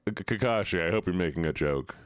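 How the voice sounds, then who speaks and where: A man's voice: sits low, animated, fast talker, clear, resonant tone, no echo, clean studio sound. A man streaming live, chatting casually with his audience in a playful, teasing way full of mock outrage.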